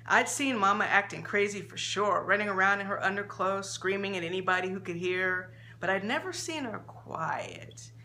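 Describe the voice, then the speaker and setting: Woman author reading her short story, bright voice, faint hiss in the background. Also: mid-range voice, expressive, normal speed, hardly any pauses.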